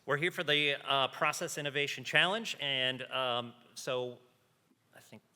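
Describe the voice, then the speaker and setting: Man, conference host, self-deprecating, bright tense voice, hall reverb. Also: medium pitch, measured pace. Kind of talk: stage hosting with banter.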